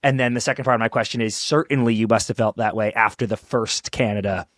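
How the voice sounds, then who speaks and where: A man's voice: lowish voice, fairly even intonation, fast talker, a bit bright, no echo. Enthusiastic podcast host man, dry mic. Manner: enthusiastic, rambling questions with fillers. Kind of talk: casual interview chat.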